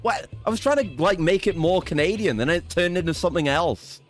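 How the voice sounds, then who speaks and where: His voice is a little high and brisk, with faint music behind him as he streams a game. In casual let's-play fashion, he rambles, curses offhandedly, plots his next moves and mocks himself.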